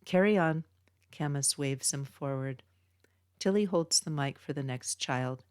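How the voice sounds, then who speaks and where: Author narration: woman, low voice, dry close recording, steady and measured. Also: smooth, no room sound. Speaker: author reading her book. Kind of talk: audiobook narration.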